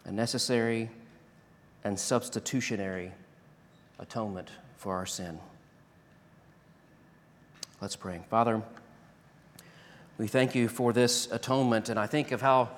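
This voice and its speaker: A pastor delivering a sermon and closing prayer, rising to loud emphatic declarations and dropping to hushed, slow prayer. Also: male voice, mid-range voice. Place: church sanctuary. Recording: long reverb of a large hall.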